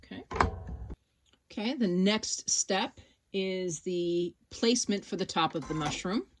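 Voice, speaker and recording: A woman teaching an embroidery project, relaxed and thinking aloud as she works step by step. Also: on the low side, unhurried, noisy background. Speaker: sewing instructor. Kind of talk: casual step-by-step tutorial.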